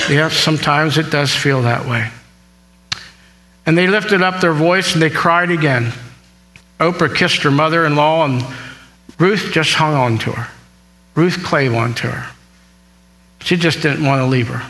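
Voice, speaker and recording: Male preacher, bright, high-ish voice; reads verses and paraphrases, asks the congregation questions. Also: unhurried, long pauses, low-quality recording. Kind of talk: sermon, Bible teaching.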